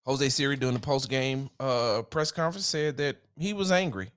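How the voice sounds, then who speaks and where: Man, sports podcast host, heated emphatic rant, casual slang, mid-pitched voice. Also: moderate pace, a bit bright, clear, resonant tone. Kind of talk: solo sports opinion podcast.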